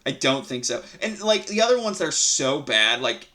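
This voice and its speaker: Bright-voiced man ranting profanely. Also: mid-range voice, sing-song, normal speed. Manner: rambling with many fillers. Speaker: reddit story reader. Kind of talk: casual story reading with commentary.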